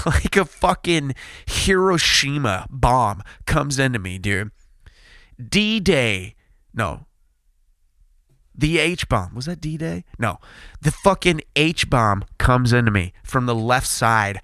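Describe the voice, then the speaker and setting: Animated, profane man retelling a crash. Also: mid-range voice, takes it slowly, long pauses, no room sound, clean studio sound. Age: 30s. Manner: animated, profane, acts out quotes; loud, excited retelling. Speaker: podcast host. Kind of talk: casual storytelling.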